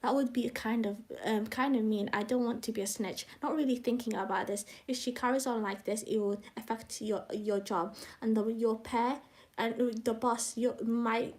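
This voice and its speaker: Young woman, fairly high voice, live reader of her own book, halting and self-conscious, talks to chat between passages. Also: steady tone, darkish tone. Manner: rambling, self-conscious, halting with restarts and asides to viewers. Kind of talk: live casual reading and chat.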